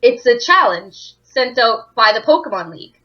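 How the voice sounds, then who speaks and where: A woman's voice: a little high, very animated, normal speed. A woman bantering playfully with a friend while playing a video game, on a dull lo-fi mic. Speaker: co-host of a game playthrough. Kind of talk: casual gaming commentary.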